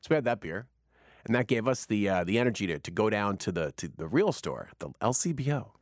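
Man host, casual chat, animated storyteller, bouncy delivery, dry studio sound. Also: fairly quick, no room sound. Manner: animated, acts out quotes with big pitch jumps. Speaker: radio host.

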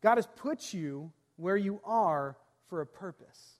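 A man pastor preaching a sermon earnestly, reading scripture aloud and letting his phrase ends fall soft. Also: high-pitched, expressive, takes it slowly, long reverb tail.

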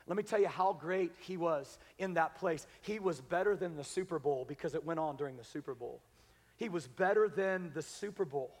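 A man preaching a sermon as pastor, building up to loud, emphatic calls and then dropping to quiet, intimate passages. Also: a little high, fairly quick, in a large hall. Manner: preaching with rising, shouted emphasis. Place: large church sanctuary.

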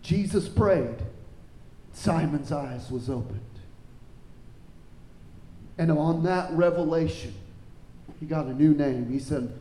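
A man's voice: takes it slowly, long pauses, echoey room, slight background noise, poor audio. A man preaching a sermon, reading scripture aloud and stopping to ask the listeners whether they understand. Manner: animated, rising pitch when quoting scripture; asks the congregation questions.

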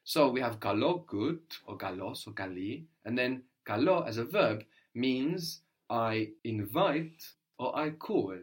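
A man's voice: mid-range voice, animated, a little slow, hardly any pauses. A man teaching a spoken language lesson, patiently prompting his student and repeating the answers back.

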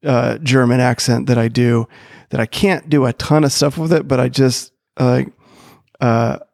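A man's voice: medium pitch, fairly even intonation, normal speed, gravelly, a little mellow, dry recording, clean studio sound. A middle-aged comedian in casual conversation, rambling and restarting his sentences as he explains. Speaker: character comedian, podcast guest.

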